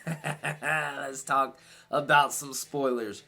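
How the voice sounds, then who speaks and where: Excitable man reviewing a movie, bright voice. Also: medium pitch, extremely slow, gravelly. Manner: excitable, swears casually.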